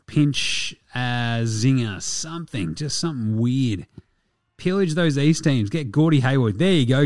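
Australian man, young adult, casual sports podcast host, sweary, rambling, jokey, middle pitch, dry close sound. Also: dry recording. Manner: sweary, rambling, jokey, puts on quick silly voices.

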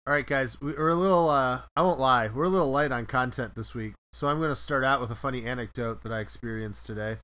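A man's voice: medium pitch, fast talker, few pauses, sharp tone. A man hosting a podcast, chatting casually and rambling a little as he laughs at himself. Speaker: podcast host.

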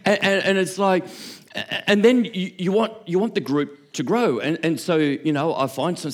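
A man preaching a sermon as a pastor, an animated storyteller who acts out little scenes and laughs often. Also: high-pitched, moderate pace, hardly any pauses.

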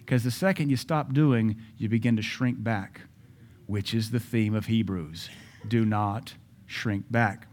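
A man's voice: on the low side, unhurried, a little mellow. A man preaching a sermon as pastor at a church service, emphatic and repeating key phrases.

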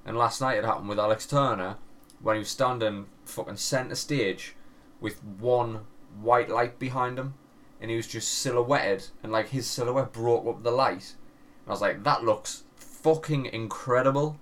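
A man in his thirties chatting on a podcast at a mid-range pitch, telling an animated story. He swears freely and keeps breaking into laughter as he talks. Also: normal speed. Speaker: podcast co-host. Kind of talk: casual chat.

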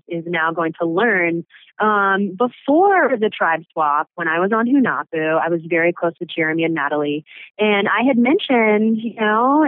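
A woman's voice: medium pitch, no room sound. Blunt, sarcastic woman guest, dry and tinny phone-line sound. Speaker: voted-out contestant guest. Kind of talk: phone interview. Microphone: telephone.

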